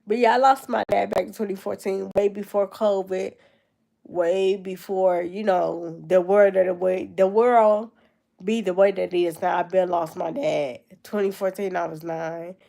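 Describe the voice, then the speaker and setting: A woman's voice: medium pitch, steady tone, a little slow, vocal fry, mellow. A nineteen-year-old woman with a cold and a stuffed-up nose, rambling in casual chat with her viewers on a livestream. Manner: rambling, answering chat comments.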